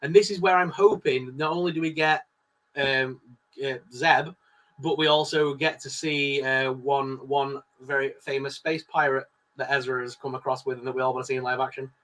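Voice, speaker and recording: A man co-hosting a casual live stream, talking excitedly and laughing often. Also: mid-range voice, normal speed. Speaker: co-host.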